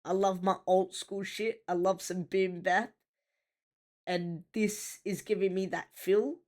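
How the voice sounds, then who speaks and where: A woman's voice: mid-range voice, level tone, takes it slowly, a little mellow. A woman giving casual, rambling commentary while reacting to a rap song, with many fillers and half-finished thoughts. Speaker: music reaction host.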